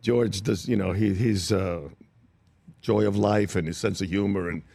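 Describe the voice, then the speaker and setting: A man's voice: on the low side, moderate pace, creaky, no room sound. An older male actor, a guest on a studio talk show, telling stories and acting out the voices of the people in them. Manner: animated anecdotes, acts out quoted voices. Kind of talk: interview storytelling.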